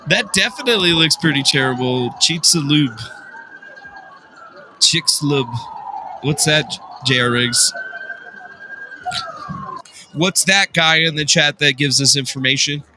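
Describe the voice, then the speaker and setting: Very bright-voiced laid-back male streamer. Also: a little high, lively intonation, unhurried, long pauses, slight background noise. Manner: laid-back, profane, jokey. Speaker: livestream host. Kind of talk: casual chat.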